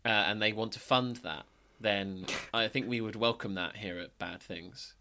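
A man's voice: lowish voice, moderate pace, sharp tone, slight background noise. A young man co-hosting a podcast in casual chat, stammering through restarts in an exasperated way. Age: young adult. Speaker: podcast co-host.

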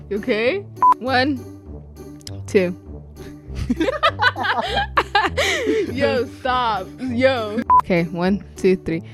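A woman's voice: a little high, drawn-out words, long pauses, music in the background. A teenage girl co-hosting a podcast, chatting casually and teasing her friends. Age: teens. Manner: playful, teasing. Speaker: podcast co-host. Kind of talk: casual chat.

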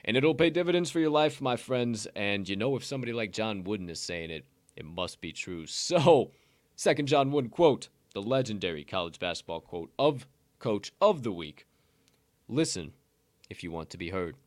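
A podcast co-host giving a casual motivational talk, blunt and profane, rambling with many restarts. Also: male voice, lowish voice, expressive, normal speed, dry recording, studio quality.

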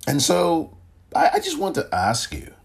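A man's voice: a little high, huge pitch swings, measured pace, vocal fry, husky. A man hosting a solo podcast, talking casually and rambling, often chuckling and correcting himself. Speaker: podcast host.

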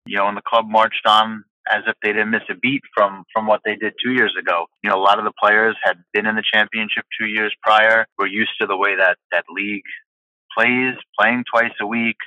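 A man's voice: lowish voice, little pitch movement, fairly quick, pushed and bright, no echo, muffled recording. A man talking as a podcast guest in casual chat, explaining at length with lots of fillers. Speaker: podcast guest, football fan.

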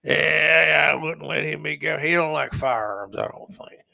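Casting: a podcaster putting on a dim, folksy good old boy with a drawl, pitched a touch high. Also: moderate pace, creaky, sharp tone, dry recording, clean studio sound, exaggerated voice. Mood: mocking.

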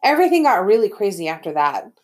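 A woman reading a first-person story aloud as an audiobook narrator, with lively storytelling. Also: mid-range voice, fast.

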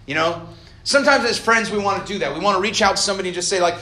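A man's voice: high voice, quick pace, sharp tone, slight background noise. A young man from Idaho preaching a casual storytelling sermon as a college ministry director, chatty and self-deprecating, joking with his audience. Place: college meeting hall. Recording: echoey hall.

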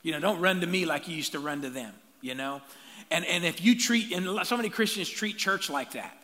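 A male pastor preaching a sermon with energy, calling out to the congregation for answers and building to shouts. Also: on the high side, fairly quick. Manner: energetic call-and-response preaching, rising to shouts. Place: church sanctuary. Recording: long reverb of a large church hall.

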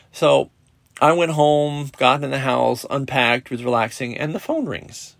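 A middle-aged man hosting a podcast, telling a personal story in a casual, profane, animated way with lots of quoted dialogue. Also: mid-range voice, unhurried, gravelly, dry recording. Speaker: podcast host. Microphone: podcast app recording.

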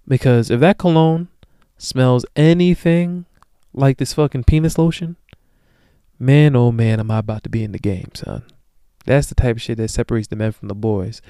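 Brief: young male podcast host, smooth clear voice, dry close sound, profane joking slang rant. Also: dry recording. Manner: swings between loud bursts and low mutters. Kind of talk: solo podcast monologue.

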